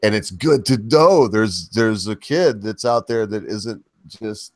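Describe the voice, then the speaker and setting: A man's voice: fairly low pitch, unhurried, no echo. Rambling man hosting a casual chat. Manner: rambling, folksy, self-correcting. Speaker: host. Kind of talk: casual podcast panel chat.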